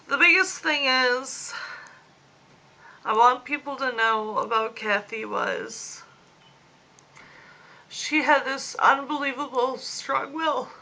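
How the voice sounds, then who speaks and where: A grieving young woman in her late twenties records a personal video diary on her phone. She talks slowly and haltingly, holding back tears. Her voice is fairly high and bright. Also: creaky, low-quality recording. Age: 20s. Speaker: vlogger. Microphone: phone camera.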